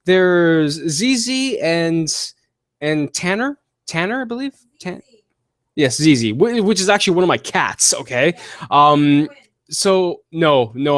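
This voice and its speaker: A man hosting a casual podcast, answering listener questions with blunt, profane and animated opinions. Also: fairly high pitch, a little slow, no room sound, studio quality. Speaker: podcast host. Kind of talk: casual wrestling podcast chat.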